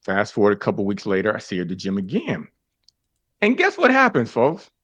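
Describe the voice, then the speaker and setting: Lively storytelling man with a low voice. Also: a little fast, dry recording. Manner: acts out dialogue with big jumps in pitch; addresses listeners as fellas and folks. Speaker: guest sharing his faith story. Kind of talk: animated storytelling.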